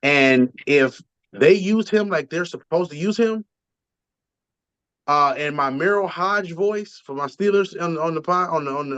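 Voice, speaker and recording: A man's voice: fairly high pitch, a little slow, a bit bright, smooth, no room sound, dull audio. A man co-hosting a casual sports podcast, rambling with frequent ums and restarts. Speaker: podcast co-host.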